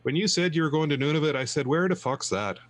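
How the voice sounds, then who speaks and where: A man voicing a wife in a shrill falsetto, mocking her husband in a spoken joke. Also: expressive, fast talker, natural voice.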